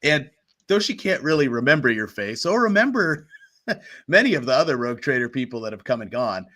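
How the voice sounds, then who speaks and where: A man's voice: medium pitch, sing-song, fairly quick, a bit bright. A man narrating as game master of a tabletop game, chatty and laughing often as he talks.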